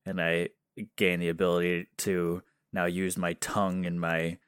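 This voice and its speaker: A young man voicing his character in a tabletop game, halting and stammering. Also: deep voice, monotone, smooth, no room sound, studio quality. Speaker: player. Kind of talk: casual tabletop role-play.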